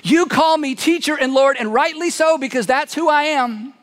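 Jesus, voiced by a preacher, earnest, emphatic teacher, very high male voice, reverberant hall. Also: moderate pace, fairly bright tone. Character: Jesus, grown man, patient earnest teacher. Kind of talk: sermon storytelling.

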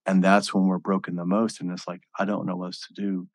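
Very deep, flat-voiced male podcast host. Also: no room sound. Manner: slow, reflective, steady. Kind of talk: interview conversation.

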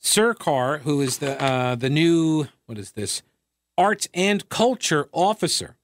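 A man's voice: lively intonation, slow, slight background noise. Sarcastic male radio talk host. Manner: sarcastic, mocking asides, wide pitch swings. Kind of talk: solo opinion monologue.

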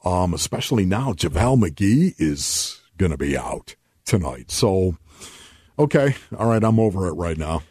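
Husky, animated sports radio host. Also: male voice, sits low, unhurried, dry recording, clean studio sound. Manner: playful, teasing, repeats words for effect. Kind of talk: casual sports talk.

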